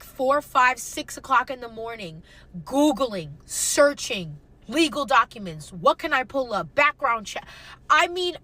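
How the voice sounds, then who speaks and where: A woman's voice: a little high, bright, forceful tone, rough recording. A young woman telling a painful personal story to camera, emotional and close to tears, swearing and repeating herself.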